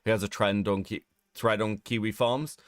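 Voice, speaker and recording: A man's voice: lowish voice, normal speed, no room sound, clean studio sound. A young man co-hosting a stream, reacting casually with frequent laughs and swearing. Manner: animated, laughs often, swears freely. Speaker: streamer co-host.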